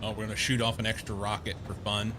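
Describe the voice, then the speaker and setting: A man's voice: on the low side, completely flat delivery, quick pace, background noise. A man casually commenting on his game as he plays, rambling and amused, thinking aloud. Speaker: gameplay streamer.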